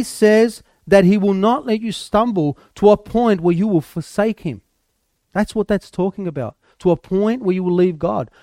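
High-voiced emphatic male preacher. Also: animated, normal speed, a little mellow, dry recording, clean studio sound. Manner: emphatic, repeats phrases with rising force. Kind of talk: sermon.

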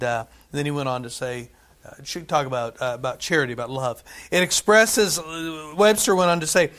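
A man preaching a sermon in a conversational way, often checking in with "right?" and dropping from loud to hushed. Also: a little high. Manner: conversational, frequent "right?" asides, swings between loud and hushed.

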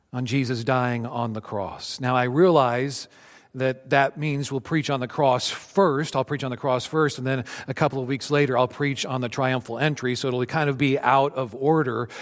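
A man in his fifties, a pastor preaching a sermon to his congregation and reading scripture with dramatic rises and drops. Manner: dramatic scripture reading, rising for cries and dropping low. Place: church sanctuary. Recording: long reverb of a church hall.

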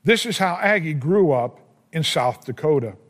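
A man telling a story as part of a sermon, slow and deliberate, pausing often and sometimes stumbling over words. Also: on the high side, lively intonation, fairly bright tone. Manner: slow, deliberate retelling with pauses and small slips. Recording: hall reverb.

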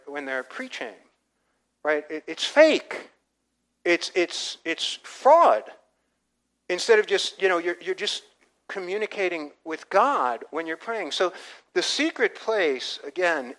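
A man's voice: fairly high pitch, sharp tone, low-quality recording. An older man, a pastor, preaching a conversational sermon with frequent restarts and asides. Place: church.

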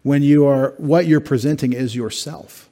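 A warm, medium-pitched male voice at a moderate pace belongs to a middle-aged pastor preaching in a church sanctuary. His expository sermon explains Greek words step by step, with occasional wry asides.

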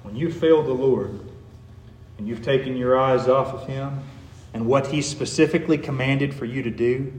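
A man preaching a sermon, earnest, growing emphatic and then softening on tender words. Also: mid-range voice, reverberant. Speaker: pastor.

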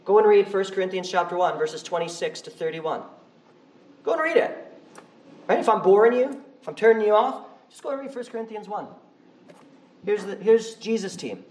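A male pastor preaching a sermon in a church, conversational and animated. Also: sits high, brisk, slight background noise. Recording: roomy, from far off the mic.

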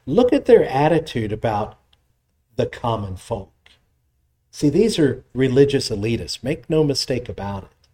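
A man's voice: medium pitch, mellow. A man preaching an expository sermon in a conversational way, retelling scripture in everyday voices.

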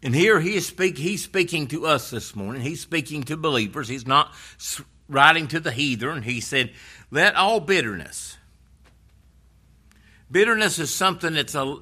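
A man's voice: a little high, bright, forceful tone. A man preaching a sermon in an earnest, conversational way, retelling scripture stories.

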